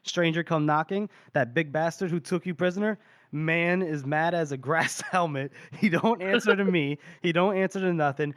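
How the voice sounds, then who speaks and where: A man's voice: fairly high pitch, normal speed, no room sound, studio quality, natural voice. A man reading the lines of a blunt, sly barbarian war chief who swears, in a podcast recap. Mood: taunting. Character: menacing male barbarian war chief, mocking.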